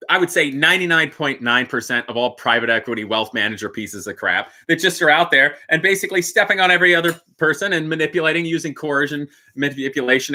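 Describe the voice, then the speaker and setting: A man's voice: mid-range voice, sharp tone. A man hosting a live stream, reading and answering viewer questions in a blunt, joking way, laughing often and dropping into muttered asides. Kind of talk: casual live-stream chat.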